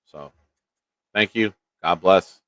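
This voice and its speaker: A young man hosts a casual sports live stream in a lowish voice, blunt and joking. The sound is close and dry, with no room around it. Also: slow pace, a bit bright, no echo. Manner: blunt, joking, scolds the viewers. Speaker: show host.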